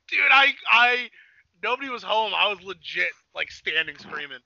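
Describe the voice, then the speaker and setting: A young man chatting on a podcast, excitable and swearing a lot, acting out scenes with sudden shouts. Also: sits high, measured pace, creaky, dull audio, background noise. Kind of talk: excited casual chat.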